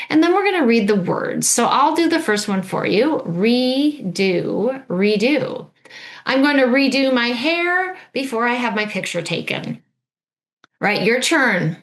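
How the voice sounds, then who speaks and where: A woman's voice: fairly high pitch, a bit bright. A woman teacher giving an instructional video lesson, patiently modeling words and prompting the listener to repeat.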